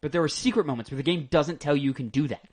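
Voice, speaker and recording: A man's voice: fairly high pitch, racing. A young man co-hosting a casual gaming podcast, enthusiastic and rambling, with plenty of ums and likes. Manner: enthusiastic, rambling with many fillers. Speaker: podcast co-host.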